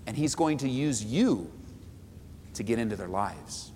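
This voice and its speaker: A man, a pastor, preaching an animated, emphatic sermon in a church hall. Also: medium pitch, unhurried. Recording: echoey hall, faint noise.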